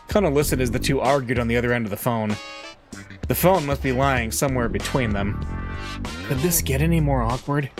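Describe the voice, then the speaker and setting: Man, let's play reader, expressive narration, casual comments, background game music. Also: mid-range voice, a little fast. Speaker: let's play host reading a visual novel. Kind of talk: reading game text aloud with commentary.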